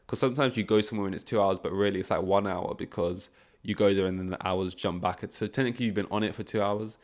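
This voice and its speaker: A young man talks alone on his podcast in a loose, rambling way. His voice sits on the low side, and he often stops mid-thought to correct himself. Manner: rambling, self-correcting, frustrated asides. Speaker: podcast host. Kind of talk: casual solo podcast chat.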